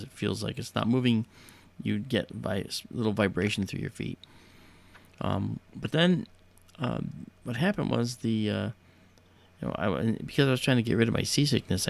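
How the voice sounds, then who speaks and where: Man, livestream host, casual storytelling, hesitant, gravelly, lowish voice. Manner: hesitant, many fillers and restarts.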